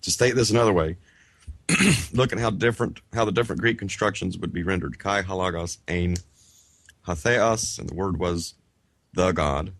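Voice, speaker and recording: A man co-hosting a Bible Greek study show. He reads from a grammar textbook in measured phrases, sounds out Greek words slowly, and breaks off into chatty asides. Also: low voice, a bit bright, no room sound. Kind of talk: reading a grammar textbook aloud and explaining it.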